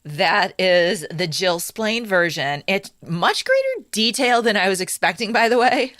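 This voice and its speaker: A woman's voice: mid-range voice, sing-song, a little slow, a bit bright, no echo. A woman co-hosting a podcast in casual chat with a dry, wry manner. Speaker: podcast co-host.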